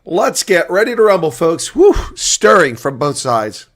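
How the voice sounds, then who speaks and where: Excitable man calling a rugby watch-along. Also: on the high side, a little slow, a little hiss or hum. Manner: excitable, swings from quiet asides to loud calls; opinionated, argues with referee calls. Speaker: live watch-along commentator. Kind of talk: live reaction play-by-play commentary.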